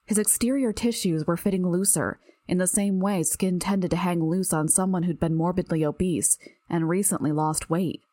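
A woman narrating a first-person audiobook in an even, measured reading. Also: fairly low pitch, no echo.

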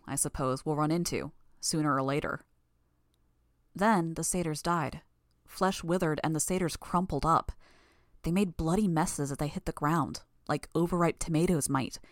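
A woman's voice: low voice, dry recording, clean studio sound. A woman narrating a fan audiobook in the first person, tense and intense. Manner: tense, intense, building anger.

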